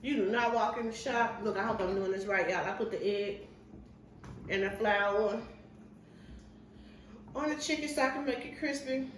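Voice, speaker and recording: A woman's voice: medium pitch, normal speed, long pauses, slight background noise. A woman in her fifties, a vlogger and barber, telling a story in a chatty, colloquial way while cooking in her kitchen. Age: 50s. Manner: chatty, colloquial, animated retelling. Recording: roomy sound from a far mic.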